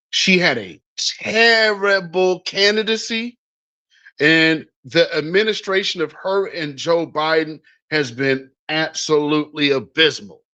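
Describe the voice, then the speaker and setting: A man's voice: high-pitched, pushed and bright. A man hosting political commentary in a blunt, sarcastic, emphatic way, with a dull lo-fi recording. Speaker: news commentary host.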